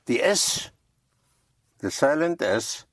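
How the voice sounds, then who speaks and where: A language teacher talking slowly and patiently, with a slightly husky voice. Words get spelled out letter by letter. The sound is dry and close. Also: medium pitch, big pitch swings, dry recording. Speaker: French teacher. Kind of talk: slow one-on-one language lesson.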